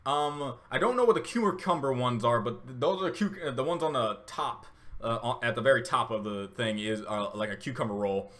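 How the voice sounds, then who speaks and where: A man's voice: medium pitch, animated, fairly quick, a bit bright. A man hosting a casual reaction video, rambling with many fillers and restarts, and getting emotional at times. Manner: emotional, laughing through tears.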